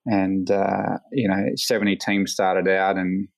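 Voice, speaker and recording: Australian man, fairly low voice, dry close sound, relaxed storyteller, lots of fillers, acts out quotes. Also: a little slow, vocal fry, dry recording, low-quality recording. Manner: rambling, many fillers, animated quoting. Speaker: hang glider pilot, guest. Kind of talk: casual storytelling interview.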